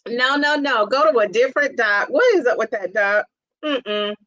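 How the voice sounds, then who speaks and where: A middle-aged woman hosts a casual livestream and chats through viewer comments with frequent laughs. Her voice is fairly high and bright. The sound is close and dry. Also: moderate pace, no room sound, highs cut off. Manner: chatty, laughs often, exclaims "Jeez Louise". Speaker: livestream host.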